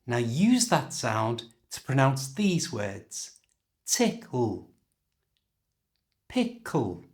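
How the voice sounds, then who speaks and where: A man with a British accent teaching English pronunciation in a slow, clear, demonstrating way. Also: on the high side. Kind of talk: scripted pronunciation lesson.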